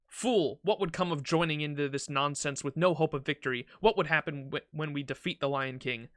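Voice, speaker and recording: A man's voice: on the high side, brisk, a bit bright, dry recording, clean studio sound, close to an everyday voice. A man reading a proud ancient pharaoh king in a game, with a pompous, regal, mocking delivery. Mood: cold.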